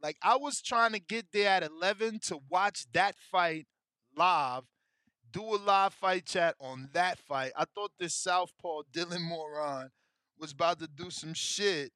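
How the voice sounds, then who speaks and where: A man's voice: high-pitched, unhurried, pushed and bright, smooth, dry recording, studio quality. A man hosting a boxing show, chatting casually and ranting emotionally with heavy slang and swearing. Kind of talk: casual chat about betting and fights.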